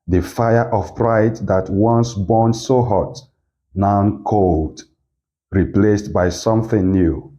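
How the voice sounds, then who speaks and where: A man narrating a moral story in a dramatic, measured way. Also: on the low side, dark tone. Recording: dull lo-fi audio with faint music.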